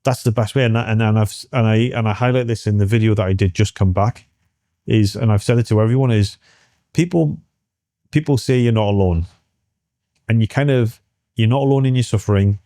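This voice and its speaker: Middle-aged British man, interview guest. Dark, low voice, dry close sound, earnest and halting delivery. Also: no room sound. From United Kingdom. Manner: halting, many restarts, earnest. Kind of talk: candid personal interview.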